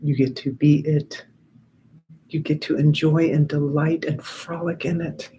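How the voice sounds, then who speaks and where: A woman guiding a group contemplation, speaking in a soothing, repetitive way with gentle affirmations. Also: low-pitched, level tone, measured pace, noisy background. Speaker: sound healing facilitator. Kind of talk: guided contemplation.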